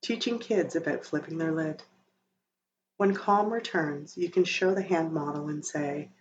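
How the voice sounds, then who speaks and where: A woman hosting a podcast, reading a calm scripted narration in a gentle, soothing way. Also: low-pitched. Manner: gentle, soothing, slow-paced delivery. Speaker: podcast host. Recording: slightly dull sound with faint noise.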